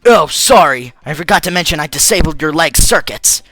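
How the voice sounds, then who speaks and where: A man voicing a calm, clinical robot assistant who speaks in a measured, deadpan way for a fan dub of a game. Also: on the high side, no room sound, soft background music, pitched below the performer's own voice, full character voice. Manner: measured, deadpan, matter-of-fact. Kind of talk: fan dub of a game's text.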